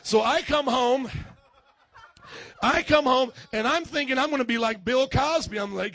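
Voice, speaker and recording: A man preaching in a church, telling lively stories and acting out his neighbors, swinging from loud to quiet. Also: very high voice, fairly quick, gravelly, no echo. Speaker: pastor. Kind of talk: sermon.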